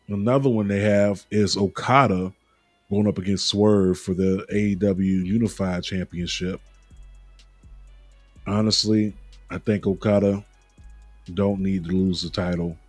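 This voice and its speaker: A man's voice: on the low side, darkish tone, dry recording. A man hosting a casual wrestling talk show, joking and laughing at his own stumbles over names. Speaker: podcast host.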